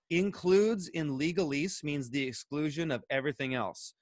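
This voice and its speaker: A man and farmer, talking in an animated, excited way, full of restarts and emphatic questions. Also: on the high side, normal speed, few pauses, no echo. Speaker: guest, urban farmer. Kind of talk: animated casual discussion.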